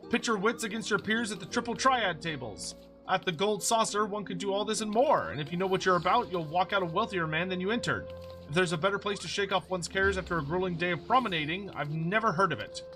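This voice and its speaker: A man's voice: high-pitched, bright, forceful tone. A man voicing a boastful young gambler about town who speaks in a pompous, old-fashioned, flowery way, reading game dialogue aloud.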